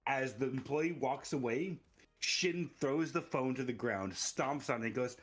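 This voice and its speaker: A man's voice: mid-range voice, unhurried, a bit bright. A man running an online tabletop game as game master, narrating casually with frequent laughs and swearing.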